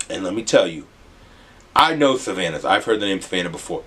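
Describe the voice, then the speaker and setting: A young man from the US Midwest, telling a rambling, animated storytime with some swearing. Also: deep voice, a little fast, slightly rough. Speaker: vlogger. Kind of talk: casual storytime.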